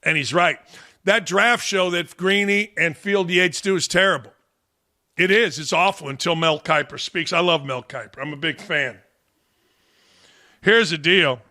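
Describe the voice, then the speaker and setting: A man's voice: fairly high pitch, measured pace, sharp tone. A man hosting a sports talk show, ranting bluntly and scornfully in an exasperated way. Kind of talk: opinionated podcast rant.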